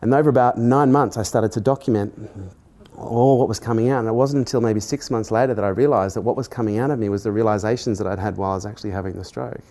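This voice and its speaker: A man's voice: lowish voice, quick pace. Earnest man telling a story. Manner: earnest, animated when retelling dialogue, laughs at himself. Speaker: podcast host. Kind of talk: personal storytelling in a conversation.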